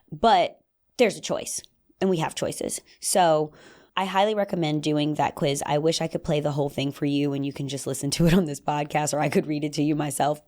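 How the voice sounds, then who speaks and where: A young adult woman talks through a solo podcast episode in a lower-pitched voice. She stays casual and animated, and now and then slips into playful voices to act out little scenes. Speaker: podcast host.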